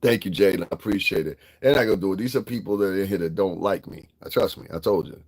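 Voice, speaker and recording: Man, deep voice, husky, casual livestream rant, profane. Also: fast talker, a little mellow. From Connecticut, US. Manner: blunt, profane, laughs often. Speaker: vlogger.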